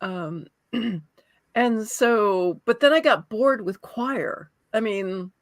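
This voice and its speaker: A woman voice actor talking casually as an interview guest, animated and quick to laugh. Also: medium pitch, no echo.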